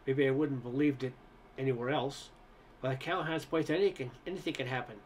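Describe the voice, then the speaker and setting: A man's voice: medium pitch, steady tone, fairly quick, a little hiss or hum. A man reading a first-person story aloud in a conversational way, with occasional stumbles. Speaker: narrator.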